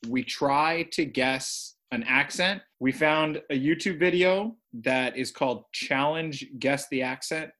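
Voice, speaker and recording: A man's voice: fairly high pitch, takes it slowly, few pauses, a bit bright. A man co-hosting a casual podcast, easygoing and hedging, laughing often. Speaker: podcast co-host. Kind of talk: casual chat.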